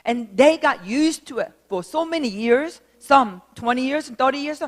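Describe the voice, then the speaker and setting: A woman minister with a Korean accent, telling a story in a sermon, halting with many fillers but animated. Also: high voice. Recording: long reverb hall.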